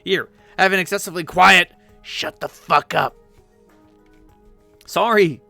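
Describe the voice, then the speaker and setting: A man reading a webcomic aloud, voicing a rude, indignant young troll who shouts and swears. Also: high voice, unhurried, creaky, no echo, faint music behind, pitched above the performer's own voice, heavily acted. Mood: snappy. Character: foul-mouthed angry young troll.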